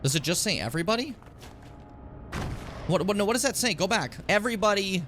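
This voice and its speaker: A young man streaming a video game, reacting with loud, profane outbursts, shouted taunts and frequent laughter. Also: high voice, lively intonation, a little fast, slight background noise. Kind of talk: live gameplay commentary.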